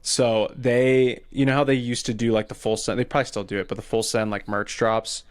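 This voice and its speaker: A man co-hosting a podcast in casual chat, chiming in with dry jokes and quick agreement. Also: mid-range voice, level tone, smooth. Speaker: podcast co-host.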